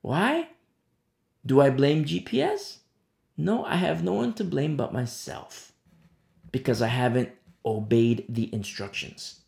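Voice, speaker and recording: A man preaching a sermon in a relaxed, storytelling way, often saying "you know". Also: mid-range voice, slow pace, gravelly, long pauses, reverberant.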